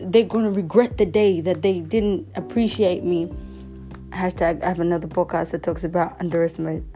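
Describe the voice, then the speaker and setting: A young woman talks casually as a podcast host, her voice mellow and soft-edged. She tells things in a self-mockingly dramatic way and laughs often, with faint music behind her. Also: mid-range voice. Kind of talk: casual monologue.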